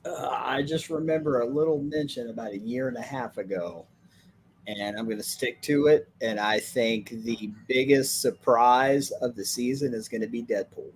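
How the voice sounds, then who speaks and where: A man's voice: medium pitch, moderate pace, slight background noise. A man on a casual group chat, speaking in a blunt, offhand way. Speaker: panelist.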